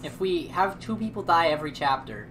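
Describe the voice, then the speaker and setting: A woman's voice: fairly low pitch, brisk, noisy background. A woman streaming a game with friends, chatting casually and telling stories with lots of giggling. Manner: giggly, animated storytelling. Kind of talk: casual let's-play chat. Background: game music.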